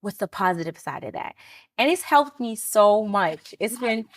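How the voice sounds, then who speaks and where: Animated woman telling a story. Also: mid-range voice, normal speed. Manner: animated storytelling, acts out quotes. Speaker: panel guest. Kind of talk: casual chat.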